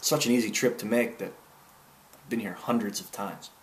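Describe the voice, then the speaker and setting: A man reading aloud, voicing a bewildered, excitable man who swings between extremes. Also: fairly low pitch, normal speed, slight background noise, close to an everyday voice. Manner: exclaiming, swings between loud and soft. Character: befuddled man of extremes, shifting wildly. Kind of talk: audiobook character voice.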